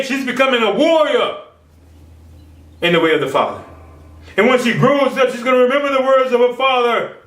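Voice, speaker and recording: A man's voice: high-pitched, far from the mic. Impassioned preacher man, echoey. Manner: impassioned, swinging between loud and hushed. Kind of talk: sermon. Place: home office.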